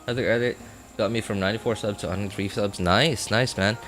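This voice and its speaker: A man's voice: lowish voice, steady tone, fast talker, a bit bright. A man streaming a video game, talking casually in a rambling way full of filler words and often laughing at himself. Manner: self-amused, laughs often. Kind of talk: casual chat while gaming.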